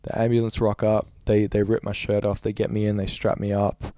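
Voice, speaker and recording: A man's voice: on the low side, monotone, brisk, warm tone, no echo, clean studio sound. A man, a young adult musician, recounting a story in a casual interview with a rambling, filler-heavy way of talking. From Australia. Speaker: musician guest.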